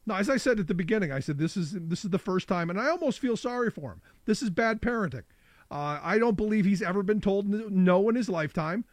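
A man hosting a call-in talk show, sounding sick and rough-voiced, chatting casually. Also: high-pitched, expressive, no echo. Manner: casual, chatty, quick asides. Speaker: radio talk show host.

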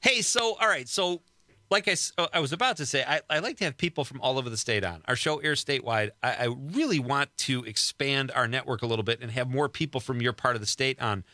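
A man's voice: medium pitch, quick pace, bright, forceful tone, no room sound. A man hosting an interview show, asking questions in a joking, chatty way. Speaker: show host. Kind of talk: casual interview.

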